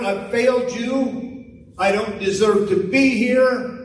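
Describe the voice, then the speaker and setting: High-voiced preacher in an echoing hall. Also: male voice, far from the mic. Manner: preaching, swings from hushed to loud, calls for amens. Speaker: pastor. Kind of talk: sermon. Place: church sanctuary.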